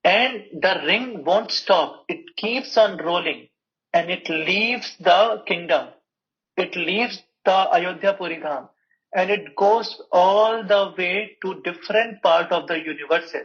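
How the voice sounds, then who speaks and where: A man teaching a scripture class, telling a story with lively voiced quotes. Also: sits high, slow. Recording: muffled lo-fi recording.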